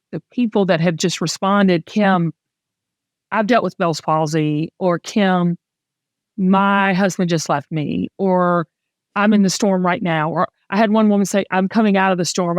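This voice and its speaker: A woman's voice: on the low side, dry recording. Southern lady podcast host, chatty and emotional, dry close sound. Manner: emotional, candid, chatty storytelling. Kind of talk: personal casual chat.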